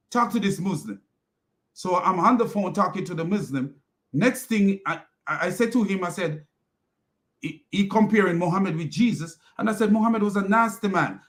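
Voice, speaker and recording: Guy ranting at the camera, mocking, keeps laughing, kinda high pitched. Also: a bit bright. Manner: scornful, mocking, laughs often; heated, repetitive. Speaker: online commentator. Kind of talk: casual ranting commentary.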